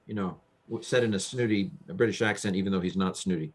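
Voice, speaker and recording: A man's voice: on the low side, brisk. A man who is a guest professor on a podcast, speaking over a video call, hesitant with many ums and repeated words.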